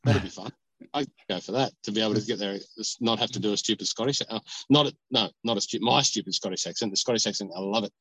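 A man's voice: on the low side, fast talker, fairly bright tone, breathy edge, dry recording, low-quality recording. A man chatting as a podcast host, rambling and joking while sitting in a parked car. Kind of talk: casual chat.

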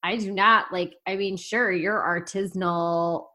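A woman's voice: fairly low pitch, steady tone, unhurried, bright, forceful tone. An American woman co-hosting a podcast, chatting casually and playfully and laughing often. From United States. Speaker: podcast co-host. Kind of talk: casual chat.

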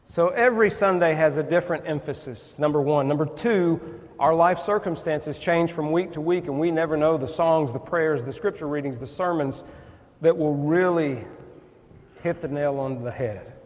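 A man's voice: on the high side, normal speed. A man preaching a sermon in a church, earnest and folksy, acting out little conversations with churchgoers. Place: church sanctuary. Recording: long reverb in a church hall.

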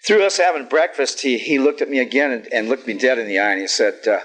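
A man's voice: medium pitch, fast, fairly bright tone, poor audio. A middle-aged man speaking at a recovery meeting, telling a personal story in a plain-spoken, candid way with frequent fillers and self-deprecating humor. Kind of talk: personal sharing talk.

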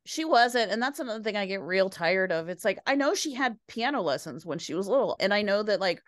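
An opinionated woman in a casual chat, her pitch leaping up and down as she makes her points. The sound is dry and close, with no room around her. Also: no echo. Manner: animated, opinionated, quick asides.

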